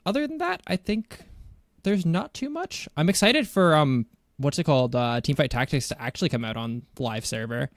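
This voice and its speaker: A man's voice: on the high side, expressive, normal speed, no room sound, clean studio sound. A man co-hosting a gaming podcast, chatting casually and rambling with chuckles. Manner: rambling, many fillers and restarts, chuckling. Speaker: podcast co-host.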